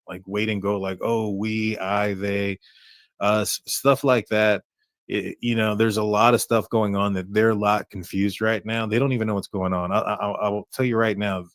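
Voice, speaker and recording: A man's voice: on the low side, dry recording, studio quality. A man casually talking through a crime case recording, rambling and restarting his sentences often. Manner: rambling, halting with many restarts. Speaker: true crime commentator. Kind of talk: casual commentary on a call recording.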